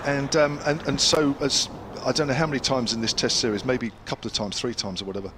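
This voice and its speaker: A man's voice: medium pitch, steady tone, quick pace, background noise. An older English man commentating on cricket ball by ball, a former county player telling anecdotes between deliveries with a chatty storyteller's manner.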